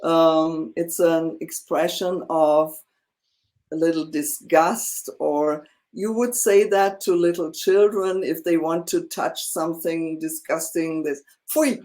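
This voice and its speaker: A teacher, patiently tutoring one student, slow and full of fillers. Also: medium pitch, steady tone, darkish tone. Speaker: German teacher. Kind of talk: one-on-one language lesson.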